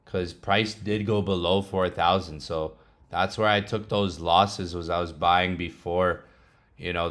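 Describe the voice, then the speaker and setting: A young man with a low, deep voice talks through his trading charts in a loose, chatty vlog. His speech is slangy and relaxed, with quick laughing asides. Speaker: trading vlogger.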